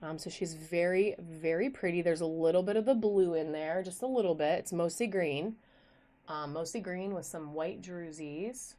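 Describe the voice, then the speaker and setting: A woman's voice: lowish voice, normal speed, dark tone. A woman hosting a live online auction, talking in a bubbly, chatty way and greeting viewers by name as she shows items. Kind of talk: live-stream sales chat. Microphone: phone camera.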